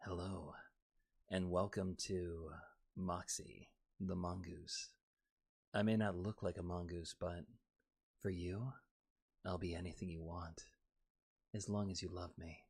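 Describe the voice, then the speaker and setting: A man putting on a sultry, flirtatious persona in a low, slow, breathy voice. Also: little pitch movement, darkish tone, no room sound, clean studio sound, heavily acted. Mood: seductive.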